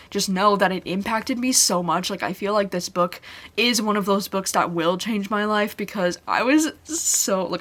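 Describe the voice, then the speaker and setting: A woman's voice: medium pitch, fairly bright tone. A young woman talking straight to camera about a book she loved. She gushes and gets emotional, and her sentences keep looping back on each other with "like" and "you know." She sounds casual and heartfelt, as if chatting with a friend. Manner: emotional, gushing, filler-heavy with "like". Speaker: book vlogger. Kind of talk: casual reading vlog review.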